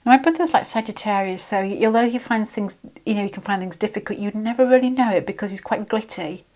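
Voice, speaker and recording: A woman's voice: mid-range voice, fast talker, a little mellow. A British woman giving a casual, rambling tarot reading, often breaking off and restarting her sentences. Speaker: tarot reader.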